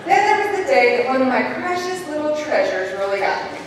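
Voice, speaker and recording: A woman's voice: high-pitched, a little fast. A woman preschool teacher giving a speech at a school program, telling stories and acting out what the children said. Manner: animated storytelling, acting out children's lines. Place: large hall at an evening event. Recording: echoey hall from far off, faint room noise.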